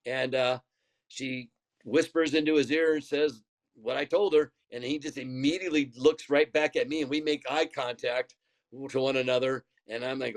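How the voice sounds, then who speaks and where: A man's voice: medium pitch, fairly even intonation, normal speed. Older man telling a rambling story. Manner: rambling, repeats words, acts out quoted dialogue. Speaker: former baseball pitcher, guest. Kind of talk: conversational storytelling.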